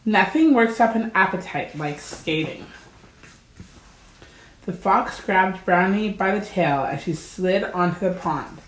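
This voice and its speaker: A woman reading a children's story aloud, gentle and deliberate. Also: medium pitch, expressive. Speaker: storybook reader. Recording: roomy echo.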